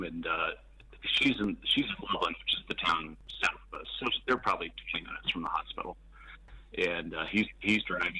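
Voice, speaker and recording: A police officer guest on a radio talk show, telling his story matter-of-factly with dark humor. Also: deep voice, slightly rough, low-quality recording.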